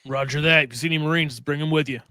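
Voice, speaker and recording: Quick, smooth-voiced man on comms. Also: a little high, steady tone, bright, forceful tone, dry recording, studio quality. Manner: quick radio-style commands. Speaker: player. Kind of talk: in-character tabletop role-play.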